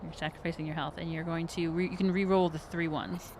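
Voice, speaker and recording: A woman's voice: lowish voice, level tone, quick pace, darkish tone, slight background noise. A woman running a tabletop game as game master, patiently explaining the rules and laughing often.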